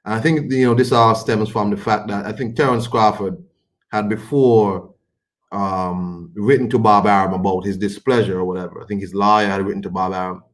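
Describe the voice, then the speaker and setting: A man with a somewhat low voice talks through boxing news on his livestream. His delivery is loose and colloquial, wandering from point to point in an unhurried, chatty ramble. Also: fairly even intonation. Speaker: boxing commentary streamer. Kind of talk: casual commentary on a livestream.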